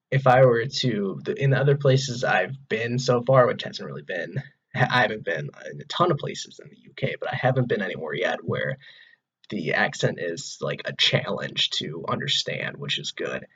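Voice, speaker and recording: A man's voice: on the low side, fairly bright tone, slightly rough, lo-fi sound. A man in his twenties from Wisconsin with an American accent, talking casually to camera in his own room and rambling with many "like"s and restarts. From Wisconsin, USA. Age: 20s. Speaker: vlogger.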